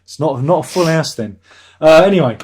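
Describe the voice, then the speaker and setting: A man talking in a casual livestream chat, sarcastic and quick to get worked up. His voice sits a little high for a man. He rants about what annoys him. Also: animated, darkish tone, slightly rough. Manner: ranting, sarcastic, quick to anger. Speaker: host of a review livestream. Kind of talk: casual chat, reading viewer comments.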